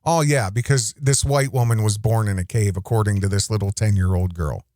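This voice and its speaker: A man's voice: fairly low pitch, steady tone, brisk, dark tone, dry recording. A man hosting a casual reaction commentary, rambling and indignant, with many restarts. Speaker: commentary host.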